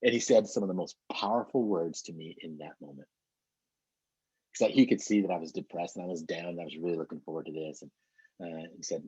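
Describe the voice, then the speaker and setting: Husky-voiced middle-aged man telling a story. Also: sits low, brisk, darkish tone, no echo. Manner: earnest, repeats and restarts words. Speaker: trainer. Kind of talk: motivational storytelling talk. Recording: dull, muffled lo-fi recording.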